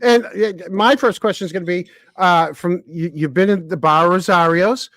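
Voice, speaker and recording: A man's voice: high voice, fairly bright tone, dry recording. A man hosting a podcast, interviewing a guest in casual chat and teasing him with jabs. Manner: teasing, quick with jabs and questions. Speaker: podcast host.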